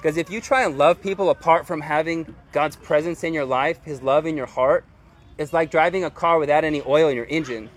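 Man, pastor, casual conversational sermon, chatty with lots of filler slang, fairly high voice. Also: fairly quick. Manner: informal and chatty, heavy use of "like" and "dude".

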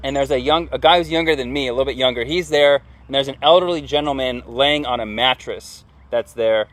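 A man in his thirties telling a story casually, full of fillers and acting out shouted lines. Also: medium pitch, brisk, no echo. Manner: animated, lots of fillers, acts out yelling.

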